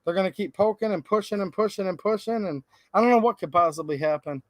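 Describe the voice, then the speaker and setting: A man's voice: high voice, fast talker, slight background noise. A man hosting a casual livestream, ranting and answering viewers by name. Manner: ranting, reads out viewer names. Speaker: livestream host.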